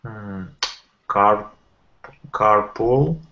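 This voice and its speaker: A man student works through pronunciations very slowly and hesitantly. He tries each word out with care. The sound is dull and lo-fi, like a video call. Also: lowish voice, pushed and bright, echoey room. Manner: hesitant, trying words out slowly. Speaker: language student.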